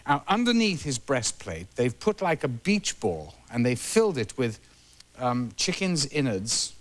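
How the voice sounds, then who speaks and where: A man, a talk show guest telling lively anecdotes and trailing off between phrases. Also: mid-range voice, unhurried. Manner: animated, trails off, acts out the people he quotes. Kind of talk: anecdotal storytelling.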